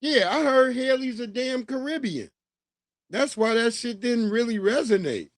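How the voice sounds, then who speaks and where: A man in his forties hosting a livestream, giving animated, profane casual commentary and laughing often. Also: extremely high pitch, normal speed, no echo, studio quality. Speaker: livestream host.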